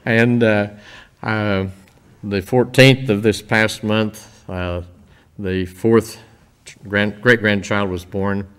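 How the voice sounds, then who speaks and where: An older man speaking informally to a church congregation, telling stories in a folksy, rambling way with many pauses. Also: on the low side, fairly even intonation, clear, resonant tone. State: emotional, voice dropping. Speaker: visiting church-building minister.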